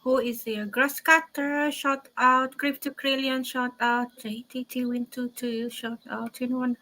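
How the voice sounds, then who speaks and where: A woman hosting a casual livestream, greeting viewers by name with quick shout-outs. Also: sits high, flat delivery. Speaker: livestream host.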